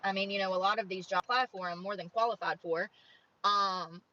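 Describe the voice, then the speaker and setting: Late-30s woman streamer, bright edge, talks plainly and rambles; muffled lo-fi sound. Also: mid-range voice, steady tone, fairly quick, dry recording. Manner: plain-spoken, rambling, frank about money. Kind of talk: casual chat to viewers. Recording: dull lo-fi stream audio.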